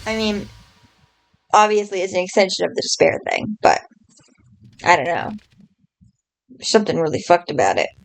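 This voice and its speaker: A woman's voice: on the low side, animated, normal speed, gravelly, long pauses, faint music behind, rough recording. A young woman streamer casually commenting on a game, rambling, swearing freely and trailing off into fillers.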